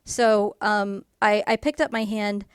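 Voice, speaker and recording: A woman casually telling a personal story to camera in a rambling way, full of fillers, and animated when she quotes people. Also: medium pitch, measured pace, clear, resonant tone, no room sound, studio quality. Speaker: YouTuber.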